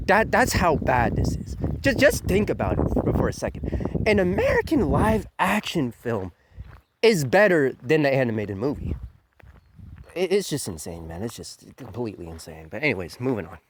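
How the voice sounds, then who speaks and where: A man's voice: medium pitch, wildly swooping pitch, moderate pace, heavy background noise. A man giving a crude, mocking countdown rant as an anime reviewer, swearing often and sneering at fans. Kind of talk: ranting countdown commentary.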